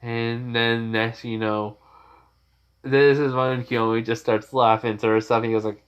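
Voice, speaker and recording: Slow rambling male storyteller. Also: mid-range voice, clear, resonant tone, lo-fi sound. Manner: rambling, many fillers and restarts. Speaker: fan story narrator. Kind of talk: casual fan-fiction storytelling.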